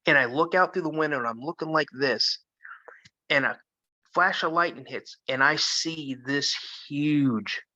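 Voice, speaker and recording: A man from Minnesota, a guest telling a story in a casual, animated way. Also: fairly high pitch, unhurried, no room sound. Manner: animated, acts out the voices of others. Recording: dull lo-fi sound.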